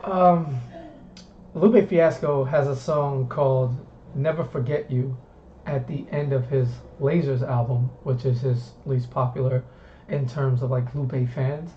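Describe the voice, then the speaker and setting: A man from the southern US hosting a casual talk stream, rambling easily and repeating words as he goes. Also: medium pitch. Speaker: host. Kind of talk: casual chat. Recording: muffled stream audio with faint hiss.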